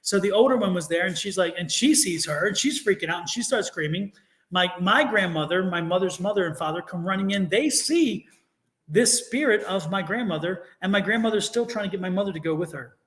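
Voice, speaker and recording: A man co-hosting a tarot reading stream, telling stories in a lively, animated way and laughing often. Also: high voice, fairly quick, reverberant. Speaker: tarot reader co-host. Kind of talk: casual live-stream chat.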